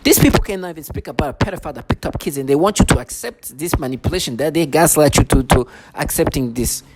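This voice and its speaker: A man's voice: fairly high pitch, expressive, fast, noisy background. A man talking to camera in an agitated, rambling monologue, often repeating and restarting his phrases. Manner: agitated, repetitive, many restarts. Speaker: vlogger.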